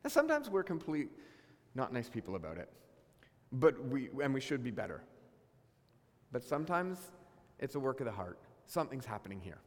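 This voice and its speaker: A man preaching a sermon as pastor, animated and acting out the voices of God and his listeners. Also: medium pitch, moderate pace, pauses often. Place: church sanctuary. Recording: long reverb of a hall.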